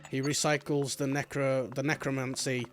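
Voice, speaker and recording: A man's voice: medium pitch, little pitch movement, normal speed, background noise. A man streaming a video game, giving casual, rambling commentary with jokes and remarks aimed at the game and the camera. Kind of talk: casual let's-play commentary. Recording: game music playing behind.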